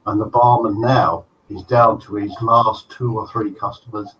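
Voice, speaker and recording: A man co-hosting a live show, telling a long corny joke in an animated, self-mocking way. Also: lowish voice, a little slow. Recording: distant mic, faint noise.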